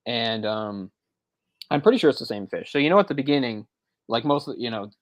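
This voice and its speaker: A man's voice: mid-range voice, lively intonation, fairly quick, dry recording, poor audio. A man co-hosting a movie discussion podcast, talking in a rambling, self-correcting way with frequent chuckles. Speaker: podcast co-host.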